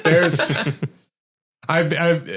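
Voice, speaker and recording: A man's voice: on the high side, very slow, fairly bright tone, breathy edge. A young man from the United States, a podcast guest in casual chat, rambling with restarts and frequent laughs.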